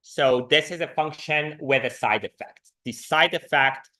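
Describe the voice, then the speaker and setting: A man's voice: on the high side, unhurried. A man lecturing a university programming class, talking loosely with many "uh"s and restarts. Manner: relaxed, many fillers and restarts. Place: lecture hall.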